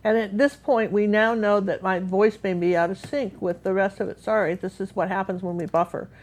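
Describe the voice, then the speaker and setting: A woman's voice: medium pitch, steady tone, fairly quick, darkish tone, rough recording. A woman teaching a live painting class, telling stories in a rambling way with many fillers and restarts.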